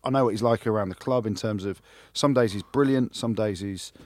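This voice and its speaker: A man co-hosting a rugby podcast, talking in casual, animated banter and often restarting his sentences. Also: fairly low pitch, brisk, no room sound, studio quality. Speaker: podcast co-host, rugby pundit. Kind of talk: casual chat.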